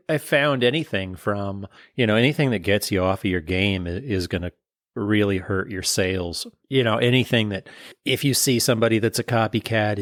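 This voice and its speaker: A man co-hosting a podcast, telling stories in a casual, animated way and laughing often. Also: fairly low pitch, no room sound, clean studio sound. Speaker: podcast co-host. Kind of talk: casual interview chat.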